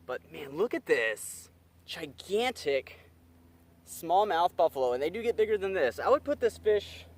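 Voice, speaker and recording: A young man filming a fishing vlog outdoors by a creek, talking straight to his viewers with excitable energy. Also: sits high, a little slow. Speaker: wildlife vlogger.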